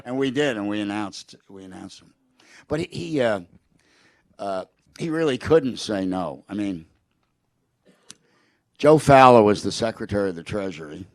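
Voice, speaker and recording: Older guy telling old stories, lots of restarts, kinda gravelly, lowish voice. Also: no echo. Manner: rambling anecdotes with restarts, quoting a president. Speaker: guest. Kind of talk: storytelling in a public conversation.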